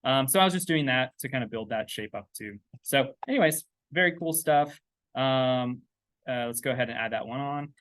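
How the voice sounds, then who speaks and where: A man giving a casual software tutorial, chatty and loose, thinking aloud with lots of fillers and checking in with "right?" as he works on a laptop. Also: medium pitch, normal speed, dry recording. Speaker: 3D texturing instructor. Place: indoors at a laptop.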